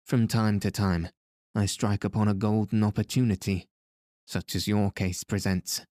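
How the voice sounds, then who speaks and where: A man's voice: on the low side, fairly even intonation, moderate pace, a little mellow, no room sound, clean studio sound, natural voice. A man reading as a sly blackmailing ex-detective. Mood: insinuating. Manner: cool, insinuating, threatening. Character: sly, menacing former detective, about forty.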